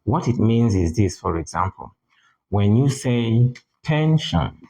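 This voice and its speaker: A man teaching English pronunciation in a deliberate manner, repeating key words for emphasis. English is not his first language. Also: lowish voice, creaky, mellow, rough recording. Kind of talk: spoken lesson.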